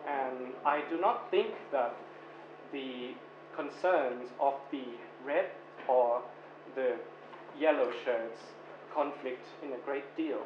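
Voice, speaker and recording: A man speaks up from the audience in a hesitant, halting way, stopping often with fillers. His voice comes through a dull, lo-fi recording in an echoey lecture hall with steady background noise. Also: mid-range voice. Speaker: audience member. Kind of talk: public Q&A comment. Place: university lecture room.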